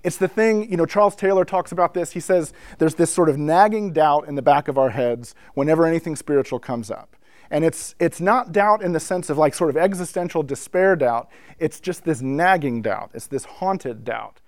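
A man with a slightly raised pitch gives a relaxed teaching talk to a room of church musicians. He tells stories full of asides and builds toward the big moments. The sound is close and dry. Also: moderate pace, no echo. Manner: storytelling, frequent asides, builds up excitement. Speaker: speaker addressing church musicians. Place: indoor room with a whiteboard.

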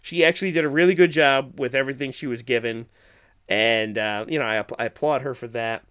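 A man's voice: mid-range voice, brisk, a bit bright, clean tone. A man co-hosting a podcast, reviewing horror films in a casual, rambling and profane way. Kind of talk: casual chat.

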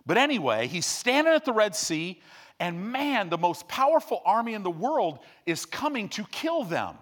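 A male preacher delivers a sermon with a high, bright-sitting voice. His pitch swings widely as he tells stories and acts out what people say. He moves between casual asides and slow, emphatic teaching points. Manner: animated storytelling with acted-out quotes.

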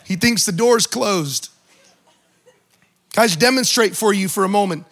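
High, bright-voiced male pastor preaching. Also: normal speed. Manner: animated preaching, acting out Bible scenes with shouts and joking asides. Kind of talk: sermon.

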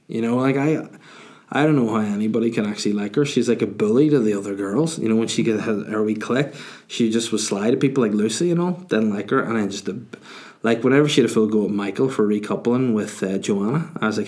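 A man's voice: medium pitch, fast, darkish tone. A young man hosting a casual solo podcast, rambling and swearing freely. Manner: rambling, chatty, swears freely, laughs easily. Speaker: podcast host.

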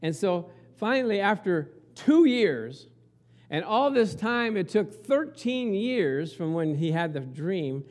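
A man's voice: high voice, very animated, takes it slowly, darkish tone. A man preaching a conversational sermon, telling a story and asking his listeners rhetorical questions along the way. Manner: chatty, asks the congregation rhetorical questions. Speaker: pastor.

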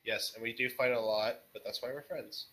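A man being interviewed as a guest artist on a casual podcast, answering in a rambling, jokey, halting way. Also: medium pitch, steady tone, a bit bright, rough recording.

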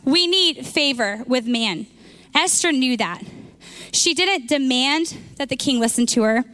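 A woman pastor with a high, bright voice, preaching and retelling a story in an animated way. She acts out the dialogue and often restarts her sentences. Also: measured pace. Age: young adult. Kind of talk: sermon.

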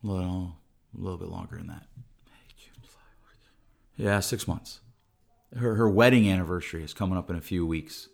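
A man's voice: low-pitched, moderate pace, gravelly, long pauses. A middle-aged man talking earnestly and conversationally as a podcast host, often restarting his sentences. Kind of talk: podcast monologue.

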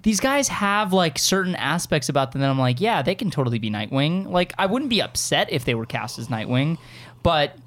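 A man co-hosting a casual chat show, excitable and animated, talking fast with many restarts. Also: fairly high pitch. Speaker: podcast co-host.

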